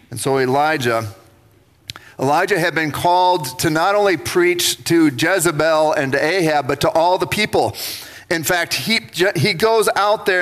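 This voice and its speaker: A pastor delivers a sermon with lively, theatrical storytelling, acting out each figure. His voice sits a little high. Long reverb from the church sanctuary trails each phrase.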